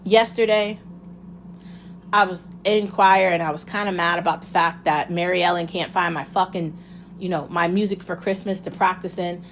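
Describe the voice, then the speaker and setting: A woman's voice: lowish voice, steady tone, moderate pace, slight background noise. A woman talking straight to camera in a casual monologue, impassioned and blunt, swearing freely and asking herself rhetorical questions. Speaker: vlogger.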